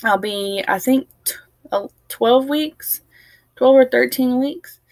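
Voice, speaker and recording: A young family vlogger talks to camera in a casual, rambling way, laughing now and then and sounding tired. She speaks slowly in a high-pitched voice with a darkish tone, with no room sound.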